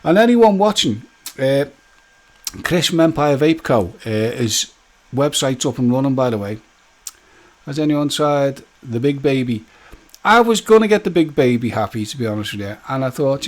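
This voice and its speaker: A man's voice: medium pitch, expressive, normal speed. A man hosting a casual live stream, chatting with his viewers by name and joking as he goes. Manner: chatty and jokey, speaks straight to viewers by name; loose rambling talk with many fillers and restarts.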